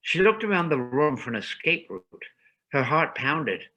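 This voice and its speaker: A man reading a ghost story aloud in a calm, measured narration. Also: fairly high pitch, low-quality recording.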